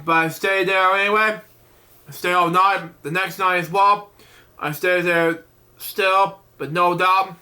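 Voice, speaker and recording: A man with a high, bright voice reads a bedtime picture book aloud. He trips over words, restarts lines and keeps breaking off to chat about the story in a loose, offhand way. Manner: halting, stumbles and restarts words, chatty side comments. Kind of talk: reading a children's book aloud with casual asides.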